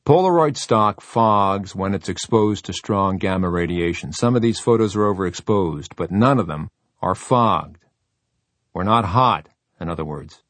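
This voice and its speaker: A man reading an audiobook, voicing a calm, measured sergeant. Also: low voice, no echo. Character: calm steady older male sergeant.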